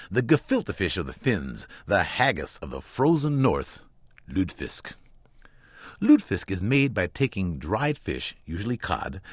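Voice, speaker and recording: A man giving a scripted, humorous radio commentary in a wry, deadpan storytelling manner. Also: low voice, dry recording, clean studio sound. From Chicago.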